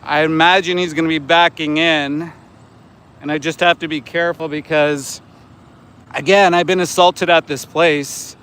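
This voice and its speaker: A man's voice: fairly high pitch, steady tone, moderate pace, fairly bright tone, clear, resonant tone. A man in his forties livestreaming from a city sidewalk, talking indignantly and repeating himself when challenged. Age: 40s. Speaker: vegan activist livestreamer. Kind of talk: live street vlog. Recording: faint street noise outdoors. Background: street traffic.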